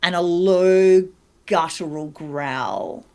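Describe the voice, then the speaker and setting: A woman narrating a tabletop horror game as storyteller, unhurried and often pausing with fillers as she searches for words. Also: on the low side, warm tone.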